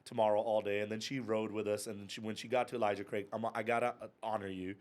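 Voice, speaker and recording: An animated man in his thirties spins anecdotes as a podcast guest. He swears freely and laughs through his own story, speaking in a casual, unpolished way. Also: lowish voice, quick pace. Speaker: podcast guest, whiskey club and bar owner.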